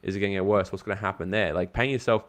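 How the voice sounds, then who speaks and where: A man's voice: low voice, steady tone, very fast. A man speaking as a guest in an interview, giving emphatic, casual motivational advice and swearing now and then. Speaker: guest, network marketing coach.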